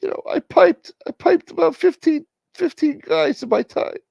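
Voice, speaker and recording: A man voicing a boastful old male sheriff in a squeaky falsetto, bragging about himself. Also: moderate pace, creaky, warm tone, no room sound, heavily acted. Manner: self-important bragging. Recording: dull lo-fi stream audio.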